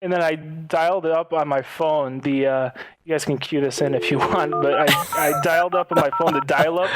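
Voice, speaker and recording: A high-pitched young man recounts a prank call in loose podcast banter. He acts out both sides of the call and laughs often as he goes. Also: steady tone, brisk, heavy background noise. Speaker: podcast co-host. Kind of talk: casual chat, storytelling a prank call.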